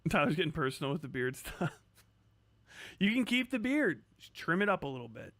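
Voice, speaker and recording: A man's voice: on the high side, very animated, a little fast, creaky, a bit bright, dry recording. A man streaming casual commentary, crude and sarcastic, rambling and swearing often.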